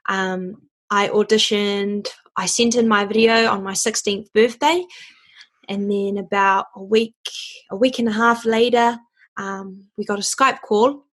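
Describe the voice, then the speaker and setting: A woman's voice: mid-range voice, fairly even intonation, a little slow. A young woman from New Zealand in a casual interview, chatty and bubbly, laughing often as she tells her story. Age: young adult. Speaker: interview guest, voice actor and singer.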